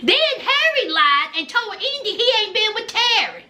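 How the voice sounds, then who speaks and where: A woman's voice: very high-pitched, expressive, moderate pace, pushed and bright. A woman giving a sassy, chatty recap of a reality TV show. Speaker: TV recap host.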